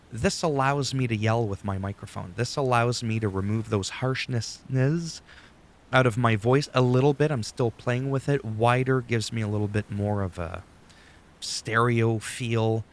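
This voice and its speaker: A man's voice: mid-range voice, unhurried. A man giving a rambling, profane, conversational tutorial while sitting at his desk and talking into a studio dynamic microphone. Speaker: YouTuber explaining recording settings. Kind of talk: casual screen-recorded tutorial. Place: home desk setup.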